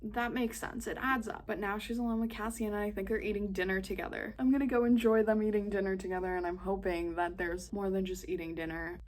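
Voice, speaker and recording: A woman's voice: mid-range voice, quick pace, hardly any pauses, slight background noise. Chatty young woman recapping a book. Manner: chatty and excitable, swears, many "like" fillers. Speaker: book vlogger.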